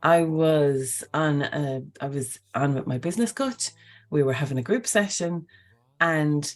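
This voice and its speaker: A woman, hosting a casual live talk in an animated, chatty way, often tagging on okay and right. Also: deep voice, measured pace. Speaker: host.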